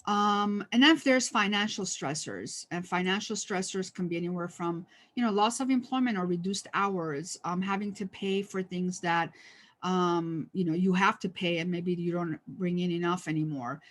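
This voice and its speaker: A woman's voice: lowish voice, moderate pace. Chatty woman leading a stress workshop. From United States. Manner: conversational, many fillers and restarts; lightly humorous. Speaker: workshop trainer. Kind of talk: online training presentation.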